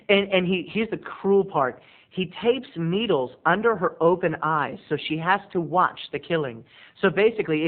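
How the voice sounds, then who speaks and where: A man giving a casual, animated, campy movie review as a video blogger. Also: high voice. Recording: tinny lo-fi recording.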